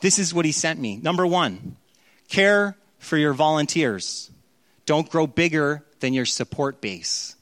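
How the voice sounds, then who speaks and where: A man preaching a sermon as pastor, in an animated, conversational way that acts out quoted voices. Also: on the high side, a little slow.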